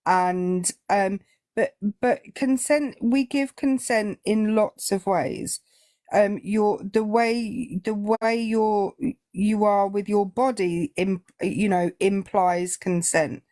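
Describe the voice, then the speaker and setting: Woman, slow, firm, explanatory, dry recording. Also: mid-range voice, steady tone, darkish tone, no echo. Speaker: panelist who teaches consent. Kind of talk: casual live-stream chat.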